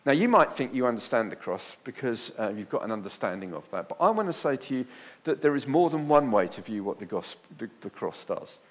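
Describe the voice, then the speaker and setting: A man preaching a sermon, emphatic, swinging from loud bursts to quiet and repeating phrases for weight. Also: medium pitch, sing-song, fairly quick.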